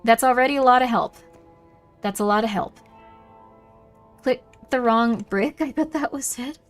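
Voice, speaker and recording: A young woman's slightly high voice moves at a normal speed, with faint music in the background. It's relaxed livestream chatter while she games: talking with viewers, answering chat out loud, and muttering to herself.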